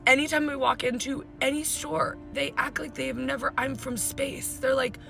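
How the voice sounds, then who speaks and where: A woman's voice: high voice, steady tone, moderate pace, creaky, over music. A woman in a played clip, venting in an upset, rambling way. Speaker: influencer in clip. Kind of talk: emotional venting.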